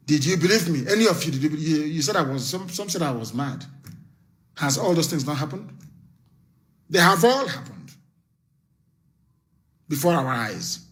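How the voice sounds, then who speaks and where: Guy on a live broadcast, fiery, keeps firing questions at the crowd, kinda high voice. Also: very animated, moderate pace, long pauses, a bit bright. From Nigeria. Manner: impassioned, hammering rhetorical questions; issues stern warnings. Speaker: political activist leader.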